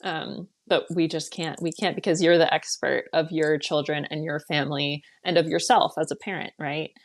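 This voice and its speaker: Woman parent coach, lowish voice, warm reassurance, casual podcast conversation. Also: fairly even intonation, moderate pace.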